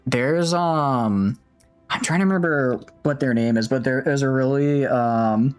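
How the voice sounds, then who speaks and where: Guy streamer just rambling to chat while he plays, lotsa restarts, some quiet music going. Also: medium pitch, measured pace, clean tone. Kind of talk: casual live-stream chat while gaming.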